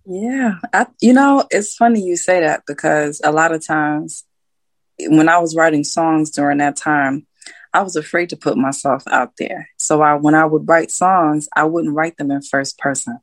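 Low-voiced woman singer, candid. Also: normal speed, no room sound. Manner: candid storytelling with frequent laughs. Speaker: singer guest. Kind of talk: casual interview.

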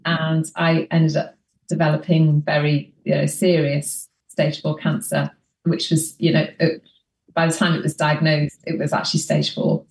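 Low-voiced woman, echoey and distant. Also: little pitch movement, darkish tone. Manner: measured, hesitant recounting with fillers. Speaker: guest. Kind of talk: casual interview chat.

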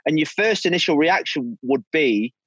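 A man's voice: on the high side, expressive, moderate pace, fairly bright tone, husky, dry recording, lo-fi sound. Stammering storyteller man with a dry sound. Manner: repeats words while telling stories, chuckles often. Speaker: podcast guest, former footballer. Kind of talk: anecdotal interview chat. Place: podcast studio.

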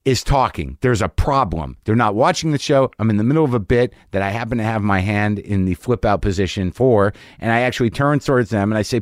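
Profane, animated comedian telling stories. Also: male voice, fairly low pitch, fairly quick, hardly any pauses, no echo, studio quality. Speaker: comedian guest. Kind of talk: podcast interview, storytelling.

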